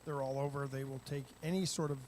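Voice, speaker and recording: A man co-hosting a morning talk show, trading quick quips and reading out viewer comments and sponsor plugs. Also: mid-range voice, fairly even intonation, a little mellow, a little hiss or hum. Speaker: co-host. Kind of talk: casual talk-show banter.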